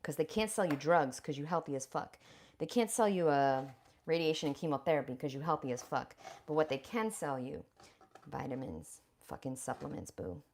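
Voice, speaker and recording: Outspoken woman host with a lowish voice, cursing freely as she preps food live in her kitchen, faint hiss behind her. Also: expressive, normal speed, darkish tone. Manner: blunt and profane, emphatic; chatty, addresses viewers directly. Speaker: raw vegan lifestyle vlogger. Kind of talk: casual livestream chat while cooking.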